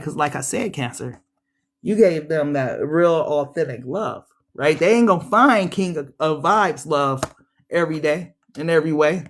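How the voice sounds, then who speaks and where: A woman's voice: fairly low pitch, unhurried. Chatty woman giving a tarot reading. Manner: animated, chatty, addresses viewers directly; frequent laughs and acted-out quotes. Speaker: tarot reader. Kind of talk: casual tarot reading to camera.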